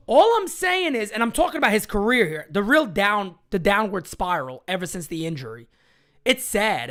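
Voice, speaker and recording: A man's voice: high voice, fairly bright tone. A man hosting a casual sports live chat, talking in a blunt, rambling way and reading out viewer comments. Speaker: live-stream sports show host.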